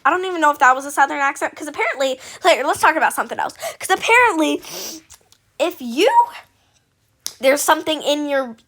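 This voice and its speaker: A woman's voice: high-pitched, expressive, fairly quick, pushed and bright. A young woman hosting a reaction video, making blunt, rambling asides and swearing freely. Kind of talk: casual reaction commentary.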